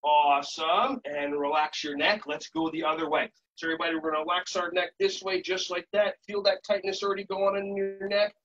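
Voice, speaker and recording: Upbeat high-voiced man leading warm-ups. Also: steady tone, brisk, hardly any pauses, far from the mic, highs cut off, slight background noise. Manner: upbeat, jokey, coaching the audience through breaths. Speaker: movement and relaxation instructor. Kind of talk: leading a live group warm-up. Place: conference session room.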